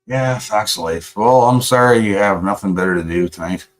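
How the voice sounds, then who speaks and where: A man's voice: on the low side, normal speed. Angry profane man ranting on stream. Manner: sarcastic. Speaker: livestream host. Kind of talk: live stream chat rant.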